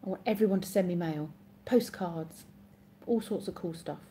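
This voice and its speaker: A woman's voice: on the low side, moderate pace, mellow, a little hiss or hum. A woman from Oxfordshire with an English accent, chatting casually on a live stream, rambling and correcting herself as she answers viewer comments. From Oxfordshire, England. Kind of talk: casual chat reading viewer comments aloud.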